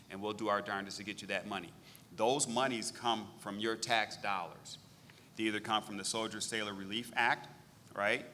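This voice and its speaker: A middle-aged man, a veterans services director presenting at a public meeting, talking briskly and directly and repeating phrases for emphasis. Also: on the low side, bright, forceful tone, in a large hall, slight background noise.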